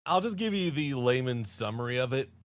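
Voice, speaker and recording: A man's voice: mid-range voice, lively intonation, a little fast. A man co-hosting a casual chat show, rambling through a jokey summary and correcting himself as he goes. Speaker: podcast co-host.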